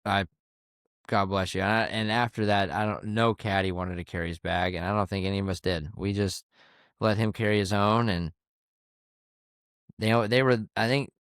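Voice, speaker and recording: A caddie and podcast host tells relaxed stories about life on the course, speaking candidly and cursing casually. His lowish voice has a clean tone, with no room sound and clean studio audio.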